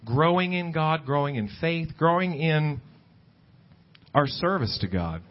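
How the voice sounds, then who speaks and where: A man preaching a sermon at a church service, talking conversationally and climbing in pitch when he stresses a point. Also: animated, unhurried. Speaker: pastor. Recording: dull lo-fi church recording with faint guitar.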